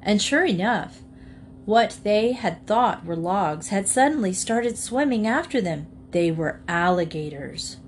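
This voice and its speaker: A woman reading a children's storybook aloud in a clear, expressive way. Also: medium pitch, measured pace, few pauses, a little hiss or hum. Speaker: audiobook reader.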